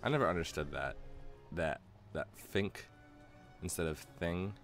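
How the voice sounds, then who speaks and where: A man with a very deep voice chats casually while streaming a game. He rambles and hesitates, with lots of fillers. Faint game music plays behind. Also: lively intonation, normal speed, vocal fry, a bit bright. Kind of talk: casual let's-play chat.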